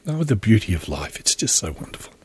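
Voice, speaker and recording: A man's voice: lowish voice, sing-song, fast talker, darkish tone, slightly rough. A middle-aged man, hosting a podcast and rambling through a sardonic solo commentary full of joking asides. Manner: sardonic, meandering, jokey asides. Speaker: podcast host.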